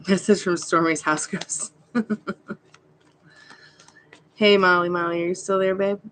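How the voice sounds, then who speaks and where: A woman's voice: fairly low pitch, steady tone, unhurried, a bit bright, a little hiss or hum. A woman hosting a live tarot reading stream, chatty and reassuring as she greets viewers by name. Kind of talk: casual live-stream chat.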